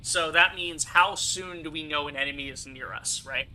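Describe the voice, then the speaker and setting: A man's voice: fairly high pitch, moderate pace, pushed and bright, a little hiss or hum, poor audio. A young man casually commentating his playthrough of a video game, chatty and explaining the mechanics with plenty of fillers and asides. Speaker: gaming streamer. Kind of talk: casual let's-play commentary.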